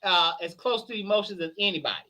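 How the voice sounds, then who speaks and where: A man chatting casually as a guest, an animated storyteller who laughs often and sounds a little tipsy. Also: sits high, fast talker. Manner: animated storyteller, laughs a lot, hoarse shouts when excited. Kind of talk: casual chat.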